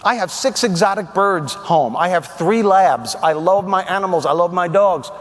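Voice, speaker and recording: A man's voice: sits high, moderate pace. A man on stage delivering a comedic motivational keynote to an audience in a large hall, punchy and emphatic. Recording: reverberant hall.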